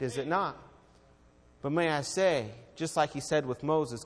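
A man with a high-pitched voice preaches an evening church sermon, pressing hard on his points before dropping into a hushed, quiet delivery. His voice rings out with a long reverb from the church hall around him. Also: lively intonation, normal speed. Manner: fervent, swings between loud exhortation and hushed quiet.

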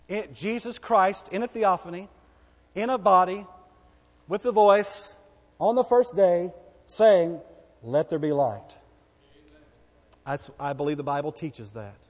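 A man preaching a sermon, emphatic, asking the congregation questions and swinging between loud declarations and hushed lines. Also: a little high. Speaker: pastor. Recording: long hall reverb.

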